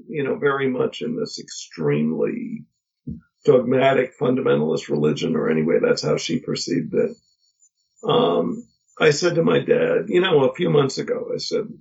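Middle-aged male podcast guest, gravelly and reflective, animated pitch, muffled audio. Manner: reflective storytelling with many pauses and restarts. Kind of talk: casual conversation.

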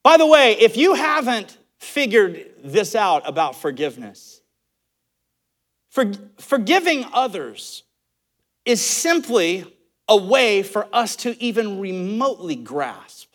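A man with a notably high speaking voice preaches to his congregation. He tells stories with animated energy, breaking into laughter and restarting his phrases as he goes. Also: slow pace. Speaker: pastor. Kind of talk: sermon.

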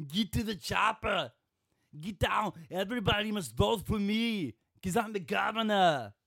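A man's voice: high voice, expressive, very slow, gravelly, dark tone, dry recording, clean studio sound, pitched above the performer's own voice, full character voice. A man doing an impression of a brawny action-hero governor, barking short clipped lines. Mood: boastful.

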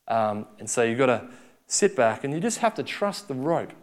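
A man's voice: mid-range voice, sing-song, a little fast, a little mellow. A young man preaching a sermon, telling a story in a conversational way and acting out the quotes.

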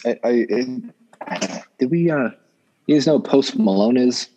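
A man's voice: mid-range voice, moderate pace, dark tone, lo-fi sound. A young man telling a personal story in casual talk, rambling with many fillers and restarts. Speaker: guest storyteller.

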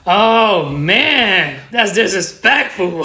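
A young man with a Brazilian accent, a native Portuguese speaker, chats as a podcast guest. His voice is bright and forward. He tells stories with lively energy and acts out what his friends said. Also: high-pitched, extremely slow, slightly rough. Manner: animated, acts out friends' lines, laughs often. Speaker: guest, pro skateboarder. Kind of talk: casual podcast storytelling.

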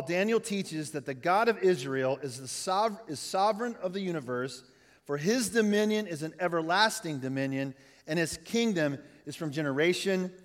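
A middle-aged man, preaching a conversational sermon and asking the congregation questions. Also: a little high. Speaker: pastor. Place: church hall. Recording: long hall reverb.

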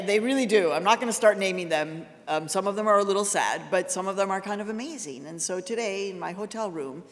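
A woman giving a public lecture, telling a story in an earnest way and raising her voice for emphasis. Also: lowish voice. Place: large lecture hall. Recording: long hall reverb.

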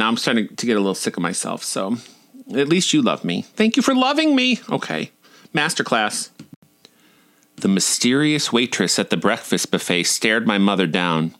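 Reading from his own personal essays, a man in his forties delivers dryly comic, wry lines. His voice is bright and forceful, its pitch swinging up and down in a lively way.

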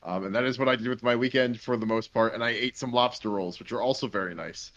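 A man's voice: mid-range voice, fast, a bit bright. Rambling young man with a dull-sounding mic. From New Jersey. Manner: rambling, many fillers. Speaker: podcast co-host. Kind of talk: casual chat.

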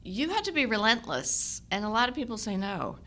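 Her voice sits on the high side and moves briskly as this woman in her sixties, a guest actress, shares stories in a relaxed interview. She's animated and laughs a lot.

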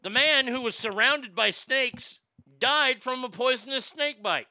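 A man with a high, very bright and clear voice, ranting with sarcastic disbelief. He trips over his words and repeats himself as he builds his point. It is a comedic monologue for a show. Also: measured pace, soft background music. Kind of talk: comedic rant.

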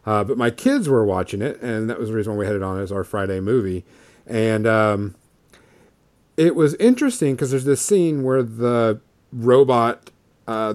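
A man's voice: on the low side, a little slow, darkish tone. A man in his thirties, a podcast co-host, telling a story in casual chat, rambling with lots of fillers.

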